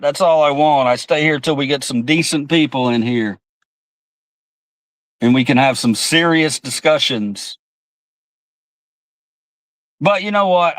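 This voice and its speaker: A man's voice: mid-range voice, no echo, low-quality recording. A man hosting a political livestream, ranting heatedly with lots of swearing and reading chat comments aloud. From United States. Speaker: livestream host. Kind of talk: angry political livestream rant.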